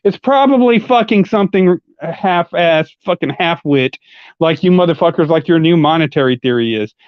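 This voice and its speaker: A combative man ranting on a livestream, swearing constantly and mocking as he argues. His voice sits a little high for a man. The audio is muffled and lo-fi, with a dry, close sound and no room echo. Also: expressive, normal speed, smooth. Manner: combative, heavily profane; argumentative, mocking. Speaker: livestream commentator. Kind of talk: live-stream rant.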